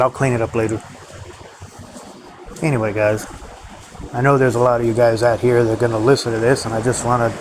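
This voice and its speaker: Man, bitter profane ranting, rambling solo talk, mid-pitched, noisy background. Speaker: vlogger.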